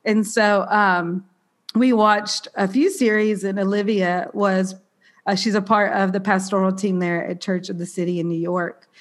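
A woman's voice: mid-range voice, steady tone, measured pace. A woman with a Southern US accent hosting a podcast, sounding a little nasal and congested, chatty and bubbly with a self-deprecating streak. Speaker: podcast host. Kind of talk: casual podcast chat.

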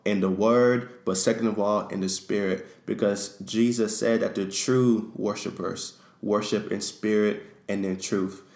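A man's voice: lowish voice, a little mellow. A man co-hosting a faith discussion, talking in an earnest, teaching way. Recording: echoey room.

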